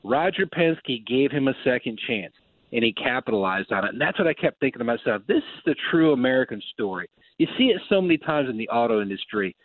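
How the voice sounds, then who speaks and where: A man's voice: mid-range voice, dry recording. Guy on a racing talk show, acts out quotes, tinny dry line. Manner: animated storyteller, acts out quotes. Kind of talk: casual sports talk. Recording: dry tinny phone-like sound.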